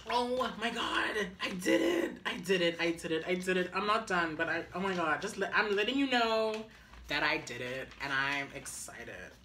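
A woman's voice: lowish voice, pushed and bright, slight background noise. Dramatic young woman vlogging a craft. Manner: dramatic, self-mocking, gasps and flips into whispers. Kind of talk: chatty crafting vlog.

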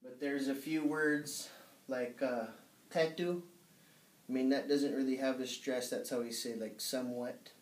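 A man giving a casual spoken language lesson, explaining in a relaxed way with some hesitations. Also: medium pitch, moderate pace. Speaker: language teacher. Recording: echoey room, mic at a distance.

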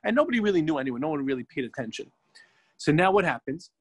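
A middle-aged man, a rabbi, teaching a religious class as a lively storyteller who acts out the people in his tale. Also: a little high, very fast, slight background noise.

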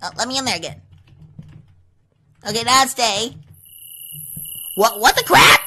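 A woman's voice: fairly high pitch, sing-song, measured pace, sharp tone, rough recording. A young woman hosting a let's play, commenting as she explores, easily startled and shrieking when scared. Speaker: gaming channel host. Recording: faint game music behind. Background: game music.

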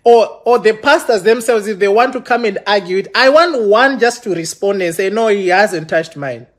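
A man with a notably high voice delivers a heated livestream rant. He sounds accusing and impassioned, and he trips over his words and restarts often as he addresses his viewers. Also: moderate pace, fairly bright tone. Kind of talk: live-streamed rant to viewers. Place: London.

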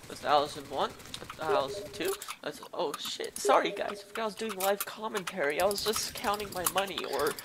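A woman's voice: lowish voice, animated, fairly quick, hardly any pauses, very noisy. A woman giving a parody live commentary over gameplay, rambling, boastful and swearing constantly. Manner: profane, rambling, mock-boastful. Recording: loud keyboard typing behind voice.

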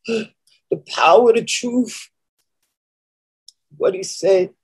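Pausing to compose herself, a woman preacher gives a moving spiritual testimony full of moans and sighs. Her voice sits a little high with a breathy edge, captured on a low-quality recording.

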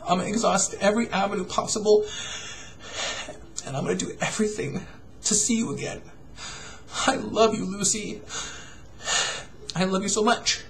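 Gentle man reading to his little daughter. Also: high voice, fairly even intonation, gravelly, a little hiss or hum. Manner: gentle, soft and hesitant, with many pauses and fillers. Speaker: father. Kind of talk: reading a picture book aloud to a child, then a personal video message. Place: at home, indoors.

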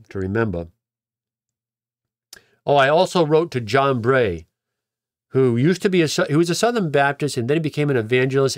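A pastor tells his personal testimony conversationally, repeating words and acting out what people said to him. He has a mid-range voice, and the recording is dry and studio-clean.

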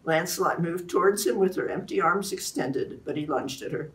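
A woman author introducing and reading aloud from her own novel in a clear, animated way. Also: lowish voice, normal speed, far from the mic.

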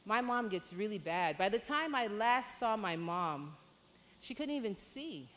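A woman from Panama giving a lively, conversational testimony at a women's conference, with sudden excited outbursts. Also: medium pitch, measured pace, a little hiss or hum. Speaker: conference speaker. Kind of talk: testimony talk. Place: large church hall. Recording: hall reverb.

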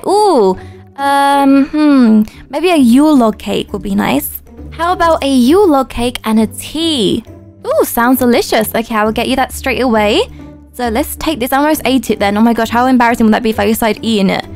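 A young woman giving chatty roleplay commentary, her voice high and bright. She gasps, jokes with herself and keeps up a playful running patter. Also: expressive, moderate pace, faint music behind. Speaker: YouTuber.

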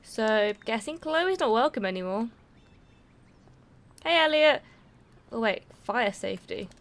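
A woman's voice: a little high, lively intonation, normal speed, creaky. A young woman playing a video game and chatting as she goes, reacting and reading text aloud. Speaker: gaming YouTuber. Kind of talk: let's play commentary.

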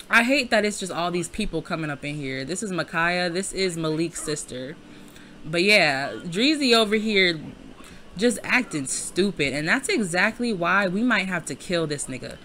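A woman's voice: on the low side, lively intonation, normal speed, sharp tone, slight background noise. Chatty young woman narrating gameplay. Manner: chatty, laughing, addresses viewers as y'all, heavy slang and cursing. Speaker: Let's Play creator. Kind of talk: casual gameplay commentary.

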